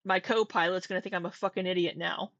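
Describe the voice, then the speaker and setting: A woman's voice: lowish voice, fairly even intonation, fast, no echo, dull audio. A woman hosting a casual livestream, talking candidly, swearing now and then and getting exasperated. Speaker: livestream commentary host.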